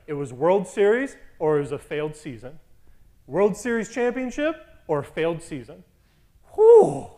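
A man preaching a sermon in a conversational, animated way, with storytelling and asides. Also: fairly high pitch.

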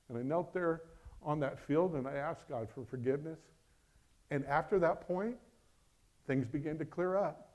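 A middle-aged man preaching a sermon as pastor, emphatic, swinging between loud declarations and hushed asides. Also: fairly high pitch, moderate pace, long pauses.

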